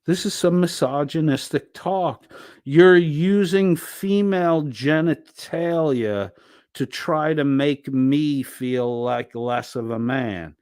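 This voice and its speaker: A man's voice: on the high side, slow, a little mellow, smooth, no room sound, clean studio sound. A man ranting angrily and profanely while arguing with someone on a livestream. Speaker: streamer. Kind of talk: heated livestream argument.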